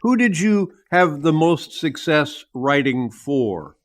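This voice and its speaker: A man's voice: fairly high pitch, very animated, slow pace. An older man as a podcast guest, recalling old memories in a rambling, hesitant way. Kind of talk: casual interview chat.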